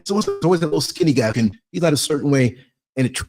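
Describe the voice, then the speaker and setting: Soft music plays behind a man with a slightly high voice who speaks at a quick pace. The New Yorker delivers a blunt, streetwise motivational monologue on his podcast, acting out dialogue in animated stories.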